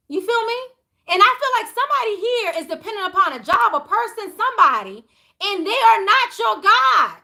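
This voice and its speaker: Lively, bright-voiced woman reading tarot. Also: extremely high pitch. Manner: animated, preachy, speaks straight to viewers; frequent laughter and exclamations. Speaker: tarot reader.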